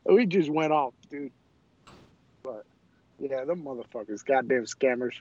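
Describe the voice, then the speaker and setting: A man co-hosting a podcast who tells stories in an animated, profane way. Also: medium pitch, unhurried, dry recording, highs cut off. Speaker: podcast co-host. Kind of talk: casual chat.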